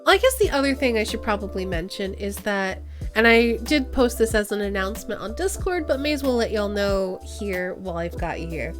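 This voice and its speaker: A woman's voice: mid-range voice, lively intonation, a little fast, faint music behind. A woman streamer wrapping up a stream in casual, meandering chat, often giggling.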